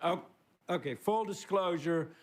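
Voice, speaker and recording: A man in his sixties delivering a relaxed, self-mocking stand-up monologue, pausing for laughs. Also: high voice. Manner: laid-back, self-mocking joke delivery with pauses for laughs. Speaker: guest monologue host on a comedy show. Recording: studio audience, crowd and noise behind. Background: audience laughter.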